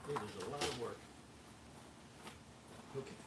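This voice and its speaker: A man's voice: medium pitch, a little slow, vocal fry, far from the mic, very noisy. A man filming an e-bike review, chatting casually and joking, often restarting his lines. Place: outdoors.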